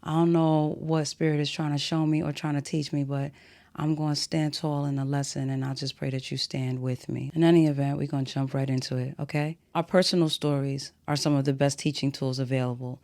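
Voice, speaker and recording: A man's voice: fairly high pitch, flat delivery, fairly quick. A man hosting a solo podcast, talking bluntly and directly in a motivational, sermon-like way. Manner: blunt, direct, self-described as not a soft speaker. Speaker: podcast host.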